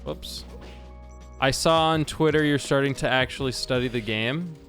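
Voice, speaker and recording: While gaming on stream, a man from Washington state spins a long, casual story, often restarting and using fillers. He talks at a moderate pace in a medium-pitched, fairly bright voice over faint background music.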